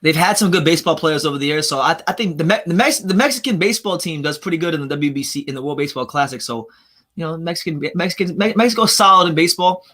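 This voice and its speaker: A fast-talking man with a slightly high, animated, pushed and bright voice runs a casual livestream. He reads out viewer comments, wanders off topic, repeats himself, and laughs at his own humor.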